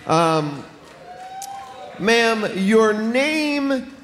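A man's voice: high-pitched, extremely slow, long reverb tail, slight background noise. A man co-hosting a live comedy podcast, playfully taking audience questions. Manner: playful, animated emcee. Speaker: podcast co-host and emcee. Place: live stage in a large hall.

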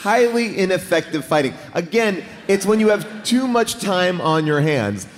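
Animated man, casual movie talk. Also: sits high, moderate pace. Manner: animated, jokey, does voices in quotes. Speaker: podcast host. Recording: roomy hall, faint background noise.

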